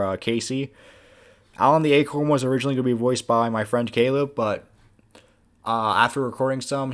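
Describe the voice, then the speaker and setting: A man, the creator of an animated series, giving a casual, rambling director's commentary with many fillers. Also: medium pitch.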